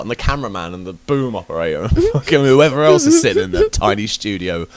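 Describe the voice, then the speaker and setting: A man hosting a podcast, chatting casually and ranting with lots of swearing and loud bursts of emphasis. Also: on the low side, huge pitch swings, fast talker, few pauses, dry recording. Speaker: podcast host. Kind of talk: casual chat.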